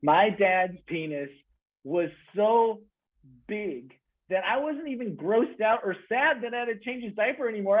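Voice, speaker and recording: Man telling comic stories over phone. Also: high voice. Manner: halting, lots of fillers, switches from frank to joking. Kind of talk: comic personal storytelling. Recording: tinny phone-line radio audio.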